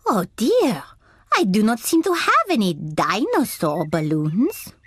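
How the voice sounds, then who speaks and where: Refined gazelle teacher, polite and unhurried, very lilting. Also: female voice, mid-range voice, wildly swooping pitch, very noisy.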